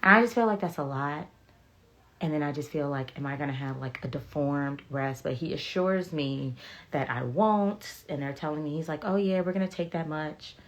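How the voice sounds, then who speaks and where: A woman talks to her viewers on a phone livestream with a low voice. She tells stories candidly and bluntly and swears freely. Now and then she reads out a viewer's comment. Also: moderate pace. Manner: candid, animated storytelling with blunt profanity. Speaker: beauty vlogger sharing health updates. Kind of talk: casual livestream chat.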